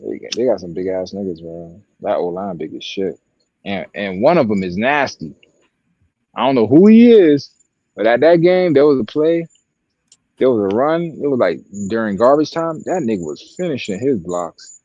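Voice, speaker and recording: A man's voice: lowish voice, moderate pace, dry recording, muffled recording. A man co-hosting a podcast, telling a long profane story in casual chat. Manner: profane, animated storytelling with acted quotes. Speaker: podcast co-host and sideline broadcaster.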